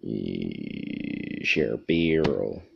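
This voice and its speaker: Australian man, very low voice, rambling livestream chat, swears a lot, dull lo-fi sound. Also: sing-song, extremely slow, vocal fry, breathy edge. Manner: rambling, profane, joking. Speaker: livestream host.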